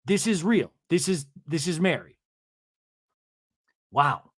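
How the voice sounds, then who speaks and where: A man hosts his podcast, breathlessly recapping a reality TV episode and putting on higher voices for each quoted line. His pitch swings widely and sits a bit high for a man. The sound is dry and close. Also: slow pace, no echo. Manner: animated retelling, acting out quoted lines with higher voices. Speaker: podcast host.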